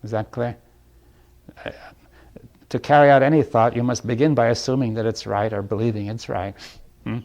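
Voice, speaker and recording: A man of middle pitch talks through an idea in a room with a small audience. He keeps stopping to rephrase and checks in with his listeners. He lets out soft chuckles between points. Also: steady tone, lo-fi sound. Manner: halting, restarts phrases, keeps checking in with the listener. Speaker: speaker giving a talk. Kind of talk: reflective spoken lecture.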